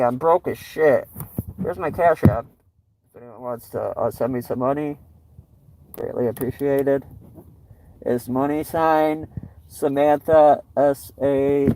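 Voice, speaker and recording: A man's voice: medium pitch, noisy background. A man from the United States chatting casually to his viewers, rambling and joking about himself in mumbled asides. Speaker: vlogger. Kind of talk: casual chat.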